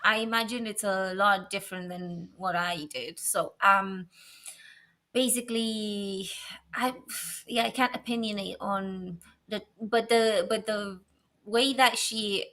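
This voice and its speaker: A woman's voice: mid-range voice, fairly even intonation, slow, bright, forceful tone. A woman co-hosting a casual chat, joking and laughing often; English is not her first language. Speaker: podcast co-host.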